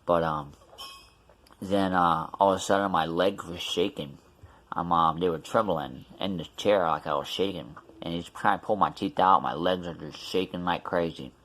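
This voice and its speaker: A man with a deep, low-pitched voice tells a story in a casual vlog. He rambles and restarts, with plenty of ums, and his mouth is still numb from the dentist. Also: moderate pace, fairly bright tone. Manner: rambling, many fillers and restarts. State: mouth numb after tooth extraction. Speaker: vlogger.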